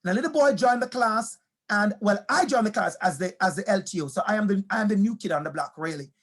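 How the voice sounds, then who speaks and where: A fast-talking man with a high, expressive voice delivers an emphatic motivational speech to teachers. Personal anecdotes, repeated key phrases, and direct questions to the audience run throughout.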